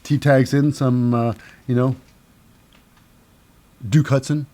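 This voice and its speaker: A man's voice: mid-range voice, little pitch movement, slow, dark tone. A man hosting a casual wrestling recap, rambling with lots of fillers and mixing up names. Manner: rambling, many fillers and name mix-ups. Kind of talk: casual solo show recap.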